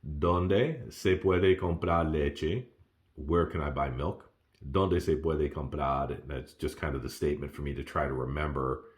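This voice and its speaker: A man casually walking through his beginner study notes, who laughs often and jumps up in pitch on exclamations. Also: steady tone, normal speed. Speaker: language learner sharing study notes. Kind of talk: casual self-recorded lesson.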